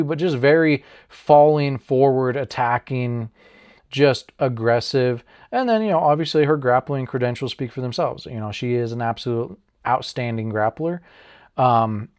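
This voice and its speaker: A man's voice: mid-range voice, a little mellow. An American man hosting a casual MMA breakdown video, rambling and joking, swearing freely and laughing at himself. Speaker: MMA channel host. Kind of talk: casual fight breakdown vlog.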